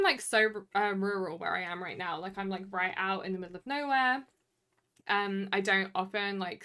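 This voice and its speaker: A woman's voice: fairly high pitch, pushed and bright, clear, resonant tone. Chatty young woman streamer. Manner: rambling, chatty, heavy use of "like" fillers. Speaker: live streamer. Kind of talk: casual chat with stream viewers.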